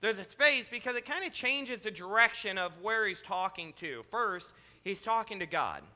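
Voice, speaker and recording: A man's voice: high-pitched, expressive, normal speed, sharp tone, long reverb tail. A male pastor preaching a sermon, earnest and repetitive, asking the listeners question after question. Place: church sanctuary.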